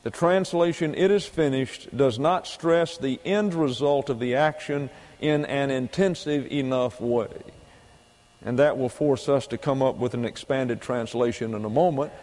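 A man's voice: mid-range voice, a little slow, a little mellow. A man preaching a doctrinal sermon, explaining Greek grammar point by point and repeating key phrases for emphasis. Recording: long hall reverb.

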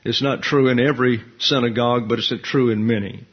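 A man gives an expository Bible lesson at a measured, deliberate pace, slowing further whenever he reads a verse aloud. His voice sits at an ordinary middle pitch. The recording sounds a little dull and muffled. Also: steady tone, slightly rough. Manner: measured, deliberate, slows to read scripture aloud. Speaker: pastor.

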